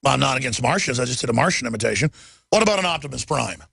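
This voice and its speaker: A man's voice: mid-range voice, lively intonation, rapid-fire, gravelly, sharp tone, husky, no echo. A man hosting a talk radio show, ranting urgently and emphatically, firing off lists. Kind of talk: political rant monologue.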